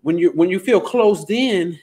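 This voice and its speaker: A man co-hosting a podcast, speaking in a deliberate, reflective way in casual commentary chat. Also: high-pitched, expressive, warm tone, a little hiss or hum. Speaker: podcast co-host.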